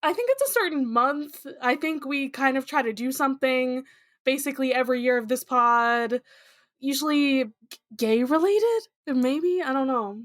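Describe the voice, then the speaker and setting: Woman, high voice, dry close sound, playful podcast co-host, casual chat. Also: animated, normal speed, a bit bright, dry recording. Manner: playful, reads listener posts aloud, laughs often.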